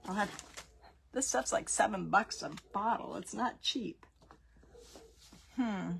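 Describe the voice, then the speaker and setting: A woman's voice: medium pitch, takes it slowly, vocal fry, fairly bright tone, a little hiss or hum. A woman in her fifties, a grandmother, chatting and rambling through a DIY craft tutorial and laughing often as she tells family stories.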